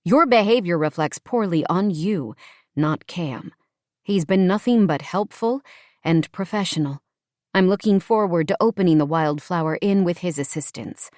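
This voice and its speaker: A woman's voice: lowish voice, normal speed, a little mellow, no echo, clean studio sound, natural voice. A woman voicing a poised upper-class woman who speaks coldly and firmly, in an audiobook. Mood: icy. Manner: cold, precise, steely.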